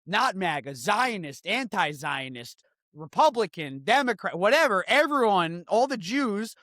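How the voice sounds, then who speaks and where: A man hosting a comedic news podcast, sarcastic and animated, switching between loud outbursts and quick offhand asides. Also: high-pitched, dry recording, clean studio sound. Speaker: podcast host.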